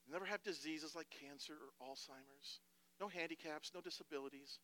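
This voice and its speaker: Emphatic male preacher, bright high voice. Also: a little fast. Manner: emphatic, swinging from hushed to loud. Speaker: pastor. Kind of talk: sermon.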